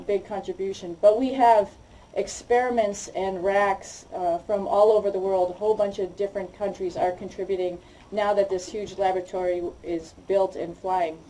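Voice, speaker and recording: Fast-talking woman with a Boston accent. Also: mid-range voice, mellow, far from the mic, low-quality recording. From Boston, United States. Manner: fast-talking, chatty, self-deprecating. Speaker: astronaut guest speaker. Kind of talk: public talk to an audience.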